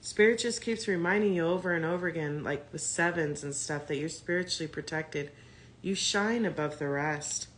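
A woman's voice: sits low, moderate pace. A woman doing a casual tarot reading to camera, blunt and profane, thinking aloud as she talks. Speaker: tarot reader.

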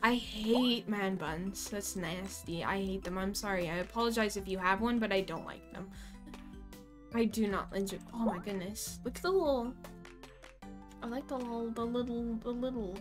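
A young woman streaming a game live, excitable and giggly, talking to herself as she plays. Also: medium pitch, normal speed, over music.

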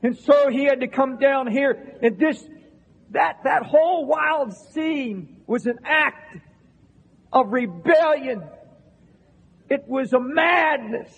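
A man preaching an impassioned sermon to a congregation in a church, repeating phrases and shouting at the peaks. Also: very high-pitched, slow pace, vocal fry. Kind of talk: fiery revival sermon. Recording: long reverberant hall sound.

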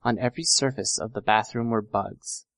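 A man reads a first-person audiobook at an even, measured pace. His voice sits low and carries a gravelly rasp. The sound is close and dry, with no room around it. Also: no echo. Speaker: audiobook narrator.

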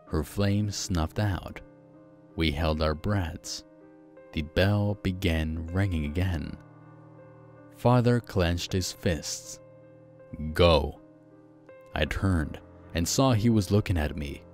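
Deep, slow-spoken male horror narrator. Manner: slow, hushed, suspenseful delivery. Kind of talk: first-person horror audiobook narration.

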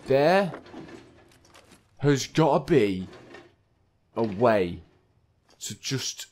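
A man's voice: lowish voice, animated, unhurried. A man giving live gameplay commentary, talking to himself in a flustered way and repeating phrases as he plays. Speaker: gaming channel host.

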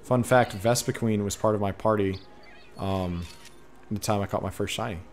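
Man, casual let's-play commentary, low voice, excitable, soft music behind. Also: moderate pace. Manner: excitable, talks to the creatures on screen. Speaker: gaming streamer. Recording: faint game music behind. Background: faint game music.

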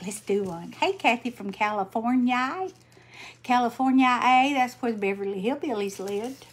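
A woman's voice: fairly high pitch, lively intonation, moderate pace, slight background noise. An older woman chatting folksily on a livestream, greeting viewers by name and sounding tired. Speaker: livestream host. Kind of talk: casual livestream chat while crafting.

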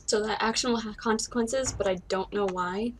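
A woman's voice: medium pitch, brisk, slight background noise. A woman casually commenting as she plays a video game, playful and chatty, throwing in "dude" and "like". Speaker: let's play gamer.

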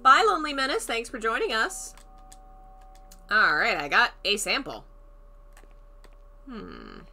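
A woman's voice: on the high side, huge pitch swings, unhurried, creaky, bright, forceful tone, soft background music. A woman streaming a horror game, chatting casually, thinking aloud, greeting viewers and laughing often. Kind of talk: casual let's-play commentary.

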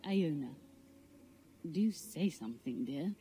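A woman's voice: low voice, animated, slow pace, dark tone, a little hiss or hum. An actress voicing a flirtatious, teasing noble lady in video game dialogue. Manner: teasing, genteel.

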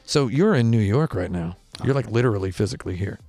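Low gravelly deadpan man. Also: fast, no echo. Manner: deadpan joking, rambling. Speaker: host. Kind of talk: casual deadpan interview. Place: small studio with music behind.

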